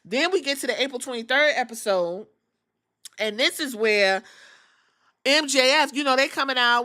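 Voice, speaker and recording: Middle-aged woman podcast host, casual and profane storyteller, bright and a touch high. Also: quick pace. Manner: animated storytelling, acting out quotes, swearing freely. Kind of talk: casual recap of wrestling episodes.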